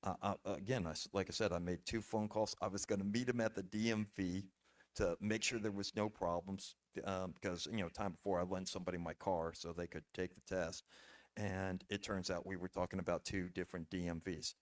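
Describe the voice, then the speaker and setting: A man with a very low, deep voice tells stories as a podcast guest. He speaks earnestly and haltingly, restarting phrases and using fillers as he goes. He sounds middle-aged. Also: steady tone. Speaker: podcast guest, former bailiff. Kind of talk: casual storytelling conversation.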